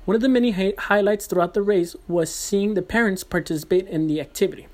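A man, a running coach, reads an earnest recap of a team race in a steady voice. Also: high-pitched, fast talker. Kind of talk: scripted narration.

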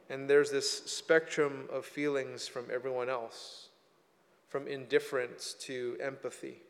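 A male pastor preaching a sermon and reading scripture, reflective and measured, with emphatic rises when he quotes the text. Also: mid-range voice, in a large hall.

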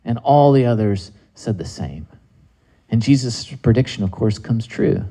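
A man's voice: mid-range voice, animated, normal speed, mellow, husky, low-quality recording. A man preaching a sermon in a conversational way, with many rhetorical questions to his listeners.

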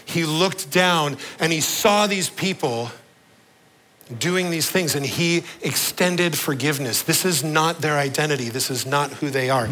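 A male pastor preaching a sermon, earnest, slowing down and dropping his voice low on the key words. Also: bright, forceful tone, rough recording.

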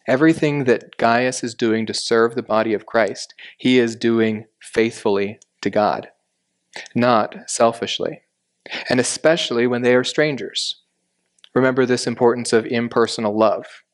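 A man with a lowish voice leads a Bible lesson, explaining each verse step by step. His delivery is measured and deliberate, and he slows down on the words he wants to stress. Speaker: Bible teacher.

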